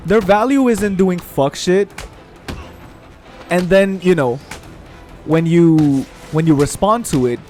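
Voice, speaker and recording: A young man with a slightly high voice rants through his gameplay commentary, swearing freely and getting worked up. His delivery is loose and animated. Faint game music plays underneath. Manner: profane, animated ranting with mocking voices. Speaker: gaming streamer. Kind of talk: casual gameplay commentary rant.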